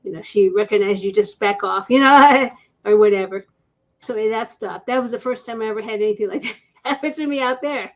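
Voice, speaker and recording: A woman's voice: a little high, fairly quick. A woman guest on an interview show, a paranormal investigator telling stories in a chatty way and acting out the voices of people she quotes. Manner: chatty, acts out quoted voices, laughs often. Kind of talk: casual storytelling interview.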